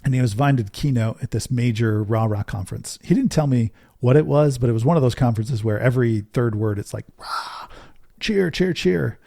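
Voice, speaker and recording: A man's voice: mid-range voice, fast, hardly any pauses, mellow, no room sound, clean studio sound. A middle-aged man hosting a podcast, speaking earnestly in a casual monologue and telling stories, often tossing in a rhetorical "right?". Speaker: podcast host.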